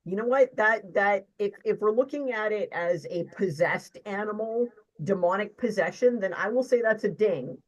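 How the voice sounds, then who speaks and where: A woman's voice: mid-range voice, normal speed, dull audio. A woman co-hosting a casual live chat, rambling and wry. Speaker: co-host.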